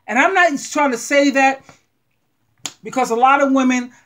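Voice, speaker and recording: A middle-aged woman giving blunt, animated relationship advice straight to her viewers. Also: sits high, moderate pace. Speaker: advice vlogger. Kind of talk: frank advice monologue.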